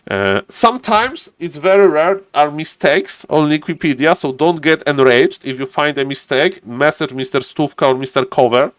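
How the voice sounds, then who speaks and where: Casting a strategy game on stream, this slightly high-voiced man has a clear non-native English accent and talks at a moderate pace with few pauses, with no room sound. He's chatty, welcomes chat viewers, keeps saying "ladies and gentlemen," and gets worked up over big plays.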